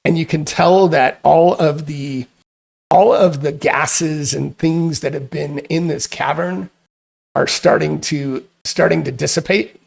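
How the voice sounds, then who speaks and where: A man narrating a tabletop game as game master, halting and repeating words as he goes. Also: a little high, steady tone, vocal fry.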